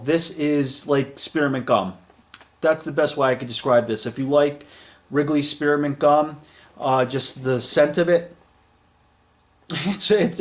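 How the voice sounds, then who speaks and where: A man in his late thirties gives a casual spoken product review in a fairly high voice, rambling with many fillers and repeated words while sounding friendly and enthusiastic.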